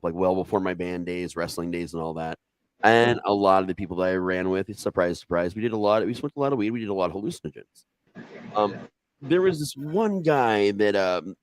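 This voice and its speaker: A man's voice: fairly low pitch, no echo. A man from Ohio telling a casual anecdote, swearing freely and acting out the dialogue as he goes. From Ohio, USA. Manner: profane, animated, acts out quoted dialogue. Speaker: storyteller guest.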